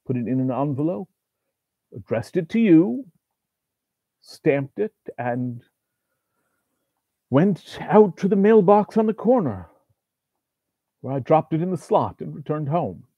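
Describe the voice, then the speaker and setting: A man narrating a ghost story in the first person with a dramatic, expressive manner, heard over a tinny phone-like recording. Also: on the high side, slow pace, pauses often, no room sound. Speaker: audiobook reader. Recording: tinny phone-like dry sound.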